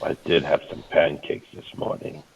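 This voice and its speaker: A man's voice: normal speed, a little hiss or hum, poor audio. A man playing a tabletop game, chatting playfully and joking. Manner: playful, jokey, with excited outbursts. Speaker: player. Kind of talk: casual game chat.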